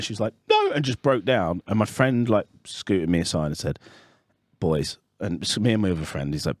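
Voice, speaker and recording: Male podcast co-host, low voice, dry close sound, rambling dark-humoured storyteller who swears. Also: lively intonation, fairly quick, husky, no room sound. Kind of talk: casual chat.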